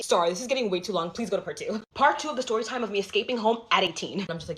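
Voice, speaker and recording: A young adult woman telling a storytime vlog, animated and flowing, with lots of "like" fillers. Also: medium pitch. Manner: animated, fast-flowing, heavy filler 'like'.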